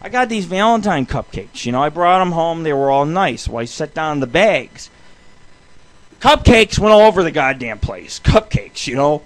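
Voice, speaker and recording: A young adult man hosting a show from his home studio, ranting in a loose, swearing, excitable way. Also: a little high, normal speed. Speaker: radio show host. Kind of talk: profane rambling monologue.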